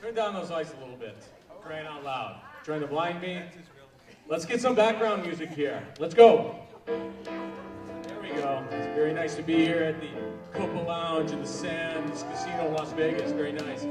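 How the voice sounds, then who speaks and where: A man's voice: fairly high pitch, normal speed, over music, natural voice. A man impersonating a brash old Vegas lounge crooner. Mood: brash, joking. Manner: wisecracking, emcee patter. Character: brash older male Vegas crooner hosting a lounge show. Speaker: impressionist performer. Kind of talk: stage impression with lounge banter. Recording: echoey hall from far off, loud band and crowd.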